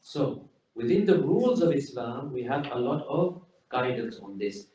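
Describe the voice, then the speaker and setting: A man's voice: medium pitch, sing-song, moderate pace, dark tone. A man preaching a sermon in a mosque, telling stories emphatically and quoting Arabic phrases. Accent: British English. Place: mosque hall. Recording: very echoey, distant, dull hall recording.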